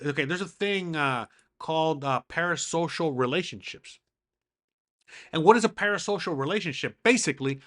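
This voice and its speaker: A man's voice: high voice, fairly bright tone. A man hosting his own show, talking in a casual, rambling monologue full of swearing and fillers. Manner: profane, rambling, with frequent fillers. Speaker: podcast host.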